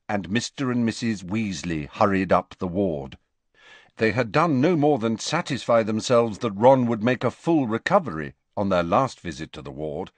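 A man's voice: fairly low pitch, dry recording. A man narrating an audiobook expressively, switching into character voices.

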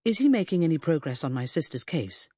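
A soft-spoken, courteous former army officer, voiced by a woman narrator, formal and a little sad in his audiobook scenes. The husky voice sits close on a dry mic. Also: on the high side, sing-song, fast talker, no echo. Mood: gentle. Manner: formal and gentle.

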